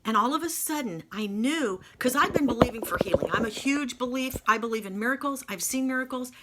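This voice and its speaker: A woman telling a personal faith testimony, emotional and animated, with folksy asides. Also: on the high side, brisk, very noisy. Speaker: speaker sharing faith testimony.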